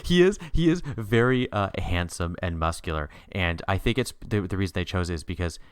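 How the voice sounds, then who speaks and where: A man co-hosting a podcast, chatting about a TV miniseries in an animated way, laughing often with sudden upward jumps in pitch. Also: brisk, smooth, no room sound, clean studio sound. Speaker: podcast co-host. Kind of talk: casual chat recapping a TV miniseries.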